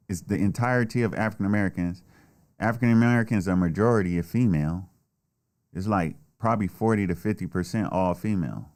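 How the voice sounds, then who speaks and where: A man's voice: deep voice, fast, a little mellow. A man delivering a blunt, heated, heavily profane solo political rant. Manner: blunt, heated, swears often. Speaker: political commentator.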